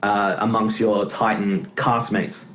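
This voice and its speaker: A man's voice: on the low side, flat delivery, slow pace, a bit bright. Aussie guy interviewing, chatty, rambles through his questions, sounds roomy and echoey. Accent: Australian. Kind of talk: casual interview. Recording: echoey room.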